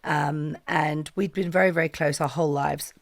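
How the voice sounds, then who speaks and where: A middle-aged woman, a podcast guest, talks in a low, gravelly voice. She swears freely and acts out the dialogue. The sound is close and dry. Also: expressive, unhurried, a little mellow, dry recording. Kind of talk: casual storytelling chat.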